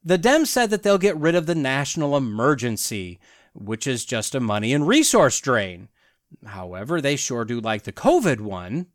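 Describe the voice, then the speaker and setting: A man's voice: mid-range voice, big pitch swings, moderate pace, no room sound, studio quality. A man hosting a podcast, delivering a sarcastic political commentary monologue full of wry asides. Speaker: podcast host.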